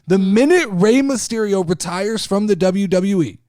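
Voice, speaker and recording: A man hosting a casual wrestling talk show, speaking in an animated, profane way. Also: high voice, normal speed, no room sound, studio quality. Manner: animated, profane, mimics people he talks about. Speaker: podcast host.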